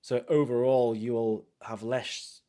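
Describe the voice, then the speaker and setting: A man's voice: medium pitch, level tone, takes it slowly, mellow. British man coaching casually. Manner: conversational, repeats phrases, frequent "you know". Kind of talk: live coaching talk.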